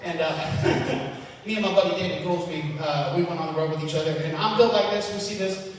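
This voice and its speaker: A man doing a loud, profane, self-mocking stand-up set on a comedy club stage, with big shouted punchlines. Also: fairly high pitch, a little fast, very echoey, in a large hall, recorded from a distance, rough recording.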